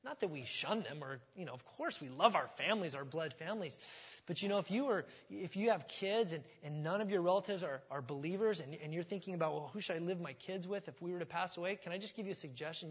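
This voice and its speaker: A male pastor preaches in a slightly high voice, moving between easy, conversational asides and loud, emphatic build-ups. His words ring out with a long reverb that fills a large church sanctuary. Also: slightly rough. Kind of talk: sermon.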